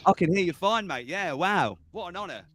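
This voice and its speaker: A man in his forties hosting a casual livestream chat, chatty and excitable, laughing often. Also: sits high, fairly quick, no echo. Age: 40s. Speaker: livestream host.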